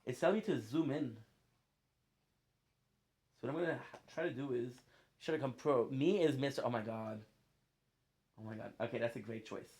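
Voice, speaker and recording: A man's voice: medium pitch, a little mellow. A man streaming a game, chatting casually in a playful, rambling way. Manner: playful, rambling, laughs often. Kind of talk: casual chat while gaming.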